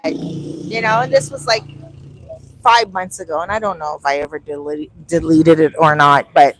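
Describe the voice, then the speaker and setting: A woman's voice: sits low, moderate pace, a little hiss or hum, low-quality recording. A woman vlogging in casual chat outdoors on a street, recorded on a phone, telling stories animatedly and acting out the back-and-forth. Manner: animated storytelling, acting out quoted exchanges.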